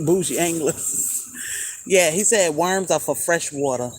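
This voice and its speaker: A woman's voice: low-pitched, unhurried, slight background noise, rough recording. A woman hosting a homestead livestream, chatting casually and laughing as she answers viewer comments. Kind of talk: casual live chat.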